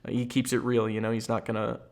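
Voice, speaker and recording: A man's voice: mid-range voice, monotone, fairly quick, creaky, darkish tone. A man who streams games, talking casually and rambling a bit, often hesitating and restarting as he ranks other players. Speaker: streamer and gaming content creator. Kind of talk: casual gaming commentary ranking players.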